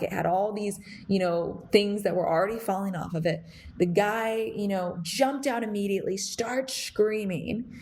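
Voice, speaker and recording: This podcast host is a young adult woman whose medium-pitched voice is gravelly and a little mellow, with some hiss or hum behind it. In a reflective storytelling monologue, she rambles earnestly through fillers and restarts, growing emotional and close to tears.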